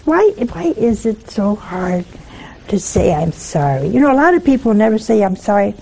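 A woman's voice: mid-range voice, very animated, normal speed, gravelly, mellow. A woman giving a conversational sermon, telling folksy, humorous stories. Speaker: religious speaker.

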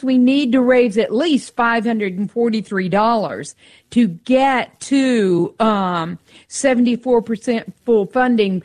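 A woman co-hosting a radio fundraiser who thanks donors and reads out the call-in number slowly. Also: a little high.

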